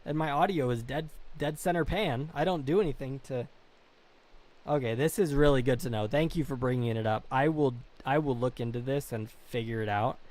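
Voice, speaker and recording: A man's voice: medium pitch, normal speed, a little mellow. A young man live-streaming and chatting casually, reading comments, rambling and apologizing a lot at his own expense. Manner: self-deprecating, rambling, apologetic.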